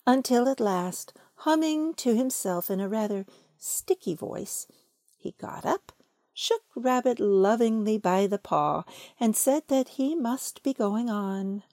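A woman reading a children's story aloud, gentle and expressive. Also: a little high, takes it slowly, no echo, studio quality. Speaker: storybook reader.

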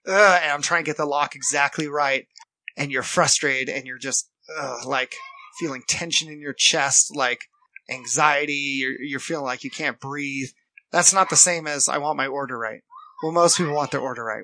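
A man's voice: fairly high pitch, fairly even intonation, normal speed, sharp tone, no echo. A man co-hosting a podcast, talking earnestly in casual chat and acting out what other people say. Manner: earnest, quotes others in put-on voices. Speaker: podcast co-host.

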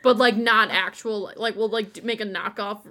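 Woman co-host, mid-pitched, rambly and giggly, easygoing chat. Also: steady tone, moderate pace, sharp tone. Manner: chatty, rambling, laughs a lot. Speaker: podcast co-host. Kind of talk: casual chat. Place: home.

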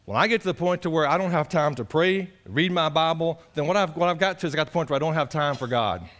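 A male pastor preaching an animated, impassioned sermon. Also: fairly high pitch, fast talker. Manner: animated, impassioned, acts out voices of others.

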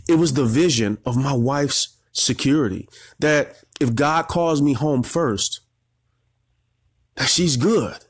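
A man's voice: mid-range voice, slow, husky, no echo. Man, forties, motivational coach, earnest and tearful, repeats himself, dry close sound. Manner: emotional, fighting back tears, repeats phrases. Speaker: marketing coach. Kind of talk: motivational talk.

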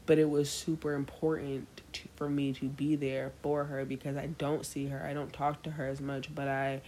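A woman's voice: rumbling low, moderate pace, a little hiss or hum. A young woman co-hosting a podcast, chatting casually and telling stories to listeners with lots of energy. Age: young adult. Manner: animated storyteller addressing listeners as y'all. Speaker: podcast co-host. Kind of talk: casual chat.

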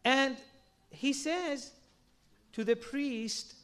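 A man's voice: very high-pitched, extremely slow, a bit bright. A man giving a sermon, earnest and full of rhetorical questions and everyday examples. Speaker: religious speaker.

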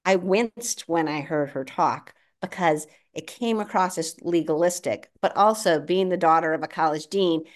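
A woman guest on a podcast who works in education policy, explaining her views in a measured way. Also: fairly low pitch. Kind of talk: casual podcast conversation.

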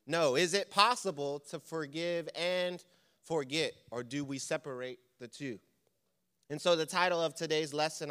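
A man's voice: on the high side, fairly bright tone, smooth. A man preaching a church lesson, conversational and quizzing the congregation with questions. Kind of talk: sermon.

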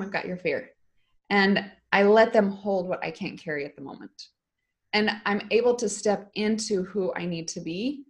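A middle-aged woman speaking as an interview guest, telling a personal story in an emotional, candid way. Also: medium pitch. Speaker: guest, online course creator.

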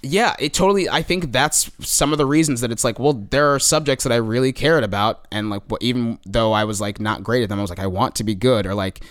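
A man's voice: mid-range voice, fast talker, few pauses, fairly bright tone, clear, resonant tone, dry recording, clean studio sound. A young man co-hosting a podcast, talking loosely in casual chat with casual swearing. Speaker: podcast co-host.

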